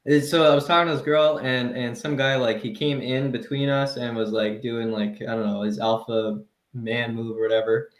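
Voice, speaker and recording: A man's voice: mid-range voice, moderate pace, hardly any pauses. Heated man telling stories in an echoey room. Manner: heated, animated storytelling with laughs. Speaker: podcast co-host. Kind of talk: casual comedy podcast storytelling.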